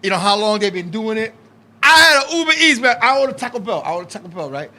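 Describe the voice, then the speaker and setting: A man telling wild stories on a casual podcast, animated and profane, now and then bursting into shouts. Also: high-pitched, fast. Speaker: guest, independent wrestler.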